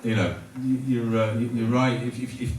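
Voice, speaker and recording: This middle-aged stand-up comedian has a mid-range voice, a level tone, and a normal speaking speed. In a pub function room on comedy night, he rambles and stops himself often, then lands dry punchlines. Heard from afar in the echoey space, his set comes with audience laughter and room noise.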